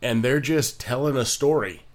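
A man co-hosting a casual chat about accents, explaining at a measured pace with many ums. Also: mid-range voice. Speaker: podcast co-host.

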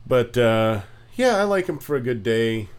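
A man co-hosting a podcast, talking in casual chat with a halting, hesitant manner and quiet asides. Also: mid-range voice, very animated, clear, resonant tone. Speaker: podcast co-host.

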